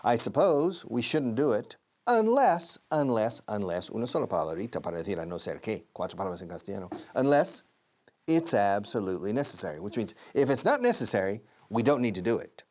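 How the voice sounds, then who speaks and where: A man's voice: on the low side, sing-song, fast, a little mellow. A man hosting a TV English lesson, repeating phrases over and over and switching to Spanish to explain. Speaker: English teacher and host. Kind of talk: TV language lesson.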